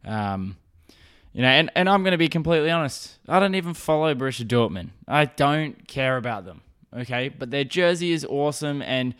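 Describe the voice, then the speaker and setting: A man's voice: medium pitch, lively intonation, brisk, fairly bright tone, clear, resonant tone. A young man hosting a podcast, telling a story in a rambling, profane, self-mocking way. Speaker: podcast host. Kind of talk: casual solo storytelling.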